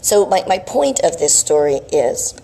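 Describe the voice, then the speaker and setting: A woman's voice: lowish voice, very animated, unhurried, gravelly, warm tone. A woman vlogging about health, telling a rambling story in a casual, chatty way and checking in with "right?" asides.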